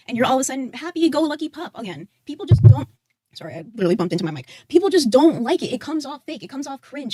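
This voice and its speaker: Woman, stream co-host, blunt scolding, high voice, dry close mic. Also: no room sound. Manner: blunt, scolding, swears freely. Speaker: co-host of a live streamed show. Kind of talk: heated on-air confrontation.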